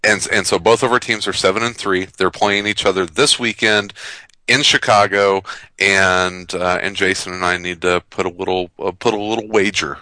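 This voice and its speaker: A man's voice: low voice, fairly even intonation, normal speed, bright, forceful tone, dry recording, low-quality recording. A man co-hosting a podcast in casual chat, brash and teasing, with some swearing. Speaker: podcast co-host.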